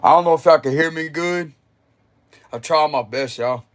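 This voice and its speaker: A man's voice: on the high side, moderate pace. A young man giving a casual, rambling spiritual reading on a livestream and chatting loosely with his viewers, laughing often as he goes.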